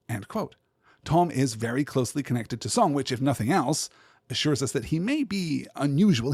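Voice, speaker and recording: A man hosting a literary podcast, explaining poetic meter in a measured, thoughtful way. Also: mid-range voice, a little mellow, husky, no echo, studio quality. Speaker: podcast host.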